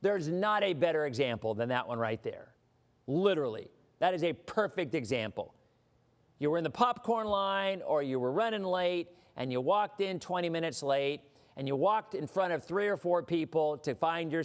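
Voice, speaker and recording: Animated, rambling male livestream host. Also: a little high, moderate pace. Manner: rambling, animated, mock-indignant asides. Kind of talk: casual livestream chat.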